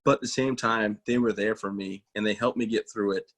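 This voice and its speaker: A man's voice: fairly low pitch, steady tone, fairly quick, a bit bright. A man in his thirties, an army veteran, telling stories in a casual interview, folksy and self-mocking, acting out quoted voices. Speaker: guest, army veteran and motivational speaker.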